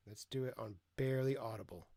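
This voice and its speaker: Give me a gravelly-voiced man casually reacting to a video, dry and close. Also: mid-range voice, fast talker, warm tone, dry recording. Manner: laid-back, swears freely.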